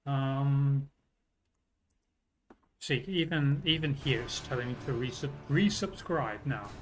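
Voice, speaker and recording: A man's voice: medium pitch, slow pace, soft background music, low-quality recording. Rambling British man streaming a game. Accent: British English. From Britain. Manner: rambling, self-mocking, swears casually. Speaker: livestreamer. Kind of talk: casual gaming stream chat.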